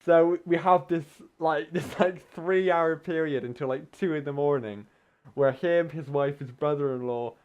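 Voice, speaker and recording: A man from the UK casually telling a long story, swearing often, laughing mid-sentence and acting out shouted quotes. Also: on the high side, moderate pace, smooth, lo-fi sound. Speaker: gaming podcast co-host telling a story.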